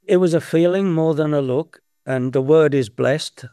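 A man's voice: on the high side, normal speed, warm tone, clear, resonant tone, no room sound, studio quality. An Australian man in his sixties telling rambling anecdotes as an interview guest, with many restarts. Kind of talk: anecdotal storytelling.

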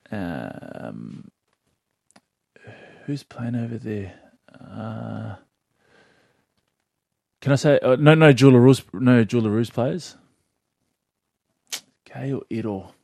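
A man's voice: medium pitch, very animated, very slow, gravelly, long pauses, darkish tone, no echo. A man hosting a sports show, chatting casually and laughing easily. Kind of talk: casual radio chat.

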